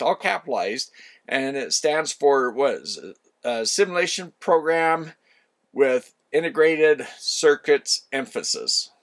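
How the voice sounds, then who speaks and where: A man's voice: mid-range voice, fairly bright tone. Older guy rambling about electronics, folksy, lots of asides and restarts, normal mid voice. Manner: rambling, folksy, self-correcting with frequent asides. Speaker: electronics channel host. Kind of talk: casual explanatory talk.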